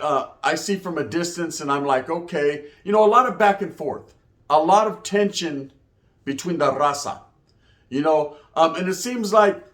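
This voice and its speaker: A man, giving rambling, profane commentary in street slang with Spanish words mixed in. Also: a little high. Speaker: commentary vlogger.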